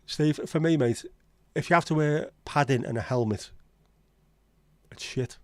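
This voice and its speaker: A man with a Scouse accent hosts a relaxed livestream chat. His voice is mellow and warm, recorded close and dry. He talks in blunt, sweary banter as he reads and answers comments. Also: fairly high pitch, measured pace, no room sound. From Liverpool, England. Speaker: livestream host. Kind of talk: casual chat reading live comments.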